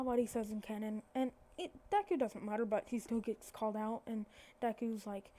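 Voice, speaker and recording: A woman's voice: a little high, moderate pace, dark tone. A woman casually telling a made-up fan story, rambling and correcting herself as she goes. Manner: rambling, self-correcting, many fillers.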